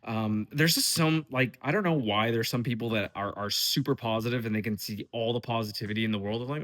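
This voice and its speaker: A young man talks straight to his viewers in an unscripted, rambling vlog. His voice sits at an ordinary middle pitch, and he sounds fed up, cursing casually and tripping over restarts as he thinks aloud. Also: brisk, few pauses. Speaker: vlogger.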